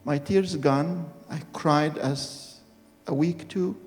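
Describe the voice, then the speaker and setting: A man preaching a personal testimony sermon, telling his story in an earnest, halting way and re-enacting moments dramatically. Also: fairly high pitch. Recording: reverberant hall with faint music.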